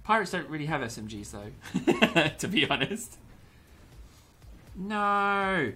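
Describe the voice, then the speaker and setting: A man's voice: fairly high pitch, big pitch swings, slow, sharp tone. A young man commentating gameplay with a lot of energy, yelping, laughing and slipping into pirate growls.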